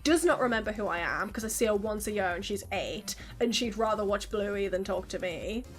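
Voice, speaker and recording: A woman's voice: mid-range voice, expressive, brisk, faint music behind. A woman in her early twenties chatting casually on a live stream, telling stories with frequent laughs and swearing.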